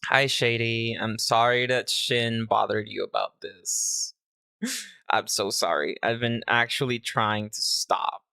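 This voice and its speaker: A man's voice: mid-range voice, animated, slow pace, creaky, bright, forceful tone, clear, resonant tone, no room sound. A man chatting casually on a livestream as he presents a remix. He is playful, laughs a lot, swears freely, and breaks into joking meows. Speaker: music producer presenting a remix to a live chat.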